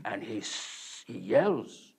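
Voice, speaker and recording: A man's voice: on the low side, sing-song, takes it slowly, gravelly, full character voice. An actor playing an exuberant French painter, telling his life story to a live audience in a village hall and joking with them. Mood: playful. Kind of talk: live one-man character performance.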